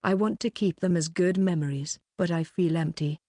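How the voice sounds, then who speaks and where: A woman narrates a light novel audiobook in a steady, even reading voice. Her pitch sits a little low for a woman. The recording is dry and close, with no room around it. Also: normal speed, no room sound.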